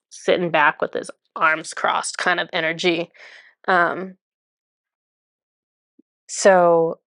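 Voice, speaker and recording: A woman's voice: on the low side, vocal fry, dry recording, clean studio sound. A woman telling a spiritual experience in casual first person, chatty and full of "like" and "um". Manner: chatty, says "like" and "um" often. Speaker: spiritual channeler.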